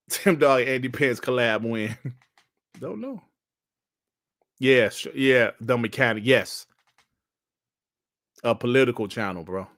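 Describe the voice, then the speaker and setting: A man's voice: mid-range voice, animated, slow pace, pauses often, fairly bright tone. A man hosting a casual gaming podcast, ranting bluntly with plenty of slang and swearing. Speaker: podcast host.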